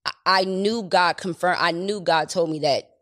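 A woman co-hosts a podcast in studio quality with no room sound, her voice on the low side, a bit bright, at a moderate pace. She chats earnestly about faith and tells stories, acting out the quotes.

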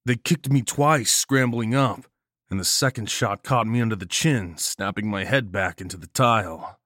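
A man's voice: fairly low pitch, normal speed, fairly bright tone, no echo, studio quality. A man giving an intense, dramatic first-person narration of a horror story.

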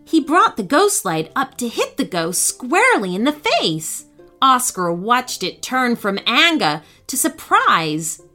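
Woman narrator, children's story, expressive, slightly high voice, faint music behind. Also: takes it slowly.

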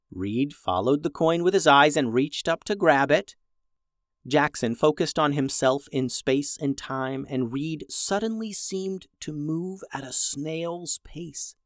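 A children's story podcast host reading a story aloud in a lively way, changing pitch for the characters. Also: no room sound, studio quality.

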